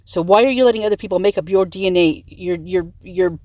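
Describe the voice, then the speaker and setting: A woman's voice: on the low side, moderate pace, a little mellow, no room sound. A woman hosting her own video channel, delivering a heated commentary rant into her tablet's microphone and firing rhetorical questions at her viewers. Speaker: vlog host. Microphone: tablet microphone, close to screen.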